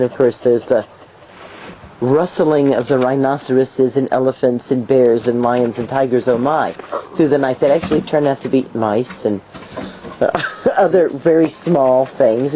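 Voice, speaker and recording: A middle-aged woman herbalist telling stories in an interview, lively and playful, acting out voices and laughing as she talks. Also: rumbling low. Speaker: herbalist guest. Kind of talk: storytelling interview answers. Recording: dull lo-fi video sound, faint hiss.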